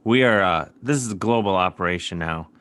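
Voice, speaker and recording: A man's voice: low voice, fairly quick, a bit bright. A man hosting a casual chat show, asking his guest playful questions. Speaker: host.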